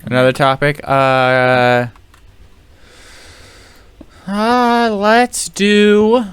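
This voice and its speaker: A man's voice: high-pitched, little pitch movement, fairly bright tone, smooth. A man listening along on a game stream, asking questions and prodding the storyteller. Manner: laughing, questioning, slow. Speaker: gamer and listener. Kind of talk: casual chat on a game stream.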